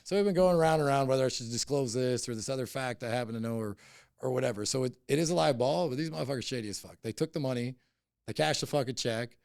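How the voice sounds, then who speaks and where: A man's voice: mid-range voice, fast, creaky, darkish tone, no echo, clean studio sound. A middle-aged man, a company boss on a podcast, telling a story bluntly and heatedly with heavy swearing. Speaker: cannabis company CEO, podcast guest. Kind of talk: casual interview storytelling.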